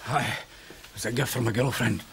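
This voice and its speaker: A man's voice: mid-range voice, steady tone, moderate pace, creaky, close to an everyday voice. An actor playing an old male pensioner who is prim and indignant, on a noisy sitcom soundtrack. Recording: sitcom soundtrack, heavy background noise.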